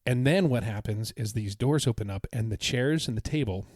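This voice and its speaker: A man's voice: medium pitch, moderate pace, a little mellow, no echo, clean studio sound. A man co-hosting a podcast, recounting his trip in a casual, enthusiastic, rambling way. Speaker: podcast co-host. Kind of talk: casual chat.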